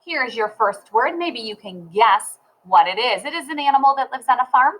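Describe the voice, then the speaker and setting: A woman teaching a phonics lesson to children, sounding out letters and words slowly and clearly. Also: on the high side, lively intonation, a bit bright, low-quality recording.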